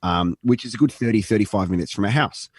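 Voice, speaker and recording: A man's voice: fairly low pitch, fast talker, darkish tone, slightly rough, dry recording. An Australian man in his thirties, co-hosting a radio show, telling a long rambling anecdote in casual chat and acting out what people said. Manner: rambling anecdotal storyteller, swearing, acting out quotes.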